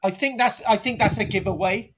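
A man's voice: high voice, a little fast, fairly bright tone, slight background noise. A man giving a comic archaeology lecture, rambling and repeating himself, often asking "right?". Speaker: archaeology teacher. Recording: dull lo-fi sound.

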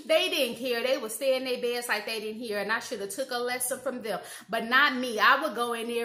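A woman from Indiana telling personal stories in a casual monologue, animated, acting out quoted dialogue and saying "you know" and "like" often. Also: on the high side, fairly quick, hardly any pauses. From Indiana, USA. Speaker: YouTube commentator. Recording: roomy echo.

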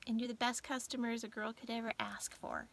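Middle-aged woman vlogger, tired and emotional, bright tone, slips into whispers, casual late-night chat. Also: a little high, level tone, a little fast, a little hiss or hum. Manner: emotional, soft-spoken, drifts into whispers. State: teary and tired at bedtime.

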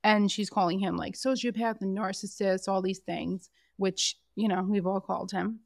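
A woman co-hosting a casual podcast, chatting about a reality show in an animated, opinionated way and acting out quotes. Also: medium pitch, moderate pace, creaky, no echo, studio quality. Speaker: podcast co-host. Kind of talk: casual reality-TV recap chat.

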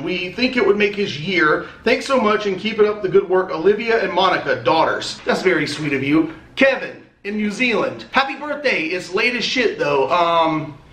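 In an echoey room, a man with a high, fairly bright voice opens fan mail for a casual vlog. His chat is rambling and talkative, with the occasional swear word.

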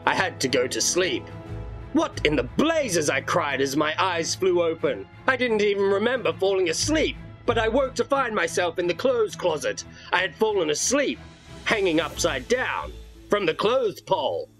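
A man's voice: sits high, expressive, normal speed, fairly bright tone, faint music behind, low-quality recording. A man reading a horror storybook aloud in dramatic first-person narration.

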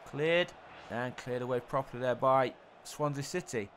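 A young man commentating his own football video game in the style of a sportscaster, getting loud and excited at the goals. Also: mid-range voice, moderate pace, slight background noise. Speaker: gaming YouTuber.

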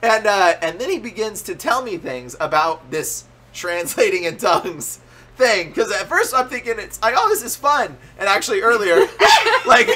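A man's voice: high voice, very animated, moderate pace, pushed and bright. A man co-hosting a casual faith chat, telling his story with animation, acting out quotes and laughing often. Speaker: co-host.

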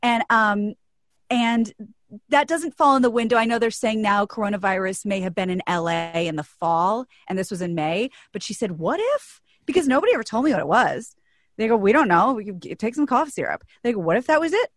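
A woman's voice: medium pitch, animated, brisk, no echo, studio quality. A woman reading the news on a comedy podcast, chatting and telling stories casually. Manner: chatty, storytelling.

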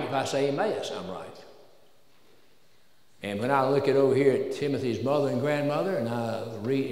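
A man with a Southern American accent preaching a sermon in a church, folksy and joking at times, building to emphatic peaks. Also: medium pitch. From Southern United States. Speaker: pastor. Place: church sanctuary. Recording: echoey church hall with long reverb.

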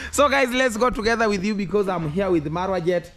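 A man's voice: high voice, lively intonation, moderate pace, fairly bright tone. A man talking casually to camera in broken English and coaxing his young children, in a home family vlog. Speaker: vlogger.

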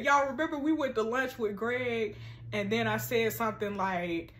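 Animated, laughing woman host commenting on a story. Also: a little high, normal speed. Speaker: host reacting to a text story. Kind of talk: casual commentary on a text story. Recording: roomy echo.

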